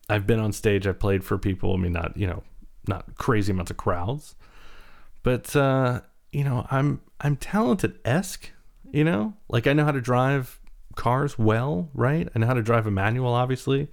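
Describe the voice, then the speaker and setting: Rambling low-voiced man hosting a podcast. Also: gravelly. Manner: rambling, self-deprecating, many fillers and restarts. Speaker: podcast host. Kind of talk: casual solo podcast talk.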